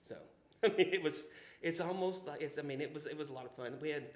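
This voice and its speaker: A man's voice: on the high side, quick pace. A man with a Southern US accent telling rambling, folksy stories in a casual podcast chat, full of restarts and asides. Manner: rambling, folksy, many restarts and "you know". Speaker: podcast co-host. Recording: roomy echo with faint background ambience.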